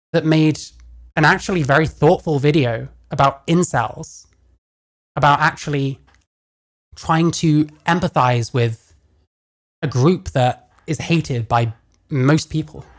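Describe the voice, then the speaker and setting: A woman's voice: low-pitched, slow, long pauses. A woman reacting to a video, blunt and sarcastic, often swearing. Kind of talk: casual reaction commentary.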